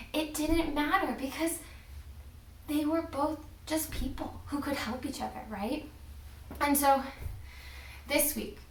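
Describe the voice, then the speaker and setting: Woman children's minister, expressive storyteller, high voice, echoey room. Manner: animated and expressive, addressing children. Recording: echoey room, far from the mic.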